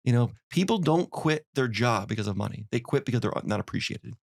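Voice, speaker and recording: A man's voice: mid-range voice, gravelly. A man hosting a podcast, chatting casually and acting out little quoted lines as he tells stories. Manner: fast, animated storyteller acting out quotes. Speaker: podcast host. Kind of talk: casual conversation.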